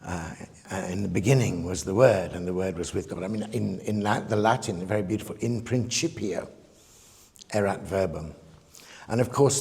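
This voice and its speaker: Gravelly man lecturing in a reverberant hall. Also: fairly low pitch, moderate pace, a little mellow. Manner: reflective, digressive, chuckles at his own points. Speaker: guest lecturer. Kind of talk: public lecture. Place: conference hall.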